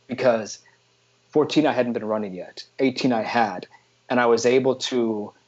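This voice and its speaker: A man's voice: mid-range voice, dull audio. A man in his forties, a guest on a casual podcast interview, telling stories with lots of energy and salty slang. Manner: energetic storytelling with frequent "freaking" and "man". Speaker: guest photographer.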